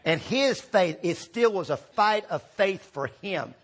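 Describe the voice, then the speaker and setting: High husky-voiced male preacher. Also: animated, a little slow. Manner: preaching with swings from loud shouted peaks to low quiet drops; rallies the congregation with call-and-response prompts. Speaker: pastor. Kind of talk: sermon.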